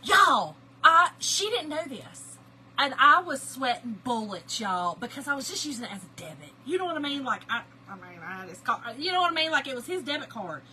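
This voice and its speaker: A middle-aged woman, chatting and telling animated family stories to viewers while she crafts on a livestream. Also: on the high side, fast, hardly any pauses, a little hiss or hum, low-quality recording. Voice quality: lively, animated storyteller, greets chat viewers by name.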